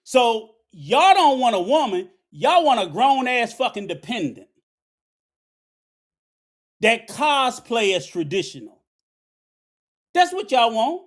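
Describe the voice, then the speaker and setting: A man's voice: extremely high pitch, sing-song, slow pace, pauses often. A middle-aged man, delivering an angry, profane, preachy rant as a commentator. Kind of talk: ranting commentary.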